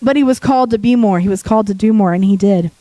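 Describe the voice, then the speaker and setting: A woman preaching a sermon in a church while sick, her voice deepening, talking conversationally and joking with the congregation. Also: fast, mellow, no echo, rough recording.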